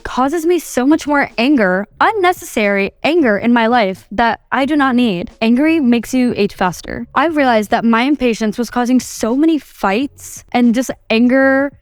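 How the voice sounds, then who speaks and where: A woman's voice: on the high side, animated, normal speed, few pauses, dry recording. A woman in her twenties hosting a solo podcast, chatty and casual, saying "like" all the time and acting out little quoted bits of herself. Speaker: podcast host.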